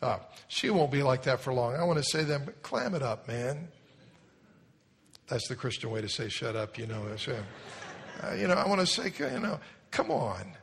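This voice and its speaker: A man preaching a sermon, telling a folksy story and building to loud exhortation. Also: mid-range voice, animated, brisk, slight background noise. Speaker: pastor. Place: large church hall. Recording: long hall reverb.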